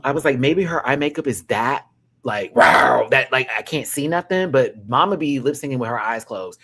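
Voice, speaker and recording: A man giving a casual, sassy review of a reality show, swinging from loud outbursts to hushed asides and laughing often. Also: medium pitch, a little fast. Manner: laughs often while talking. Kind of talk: casual reaction commentary.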